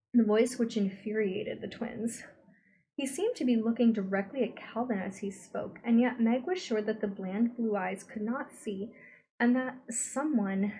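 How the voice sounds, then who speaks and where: A woman reading a novel aloud as an audiobook narrator, giving the dialogue expressive voices. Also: a little high, poor audio. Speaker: audiobook reader.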